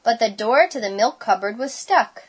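A woman reading a children's story aloud with gentle, measured narration. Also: a little high, expressive, slightly rough. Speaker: storybook reader.

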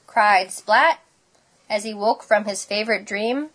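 A woman reading a picture book aloud, expressive and unhurried, adding her own asides. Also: mid-range voice. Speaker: storybook reader.

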